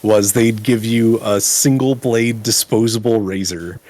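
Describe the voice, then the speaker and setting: A man chatting casually on a live stream, laid-back and quick to laugh. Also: lowish voice, steady tone, a little mellow. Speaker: stream co-host. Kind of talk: casual chat.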